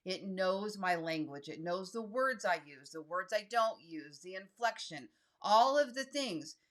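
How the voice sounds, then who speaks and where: A woman's voice: mid-range voice, expressive, unhurried, fairly bright tone. A woman in her fifties talking casually and directly through a tutorial, reading text aloud as she types. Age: 50s. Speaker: solo creator and YouTube host. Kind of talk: casual screen-share tutorial.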